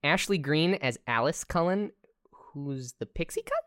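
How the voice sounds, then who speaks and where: A woman with an extremely low, deep voice chatting casually on a podcast. She jokes crudely and throws in quick asides. The sound is dry and close, with no room around it. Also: expressive, fairly bright tone, dry recording. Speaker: podcast co-host. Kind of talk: casual chat.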